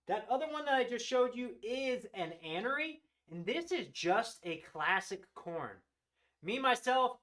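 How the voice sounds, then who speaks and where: A man's voice: high voice, sharp tone. A man hosting a live reptile sales stream, gushing with enthusiasm over each animal and rambling through restarts. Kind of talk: live-stream product showcase.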